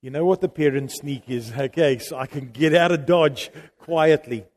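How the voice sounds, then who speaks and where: Brief: middle-aged male preacher, slightly high voice, animated sermon storytelling, loud then hushed. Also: moderate pace. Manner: animated, swings from loud emphasis to quiet intimacy.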